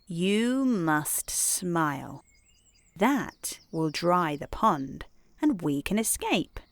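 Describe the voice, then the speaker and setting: Lady doing a fussy little frog in a bedtime story, lively ups and downs. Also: fairly low pitch, extremely slow, no room sound, full character voice. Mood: soothing. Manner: gentle storybook voicing. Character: fussy talking male frog.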